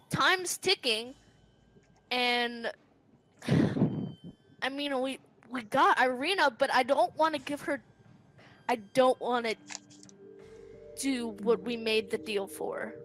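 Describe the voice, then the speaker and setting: A woman's voice: on the high side, slow, long pauses, a bit bright, rough recording. A woman playing a tabletop game, talking hesitantly with sighs and laughs. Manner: hesitant, sighing, laughs often. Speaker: player. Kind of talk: tabletop role-play chat.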